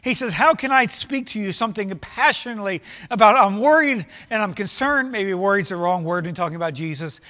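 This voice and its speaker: Preacher guy in a church, high bright voice, big echoey hall, gets loud and emphatic. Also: animated, brisk, few pauses. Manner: passionate, emphatic preaching with quoted asides. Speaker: pastor. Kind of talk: sermon. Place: church sanctuary.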